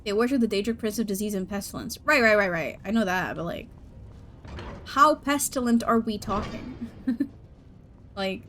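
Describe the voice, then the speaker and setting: A woman's voice: medium pitch, moderate pace, pauses often, fairly bright tone, soft background music. A young woman streaming a game, chatting casually, giggling and reacting to chat as she plays. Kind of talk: casual gameplay commentary.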